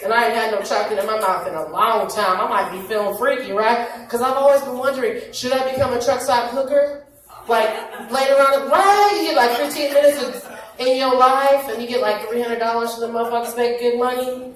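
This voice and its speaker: A woman's voice: a little high, a little fast. A woman doing a crude, brash stand-up comedy set on a club stage, speaking with a handheld mic. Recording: echoey club from far off, noisy. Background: audience laughter.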